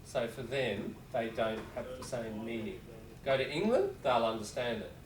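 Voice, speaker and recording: A man's voice: mid-range voice, expressive, normal speed, noisy background. A man teaching a class in a casual, rambling lecture with asides to students. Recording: roomy classroom, voice from a distance.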